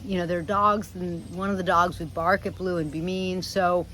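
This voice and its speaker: A middle-aged woman vlogging casually about her parrot, chatty and animated, sometimes talking to the bird. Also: lowish voice, normal speed, a little hiss or hum, low-quality recording. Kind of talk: casual storytelling vlog. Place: screened patio outdoors.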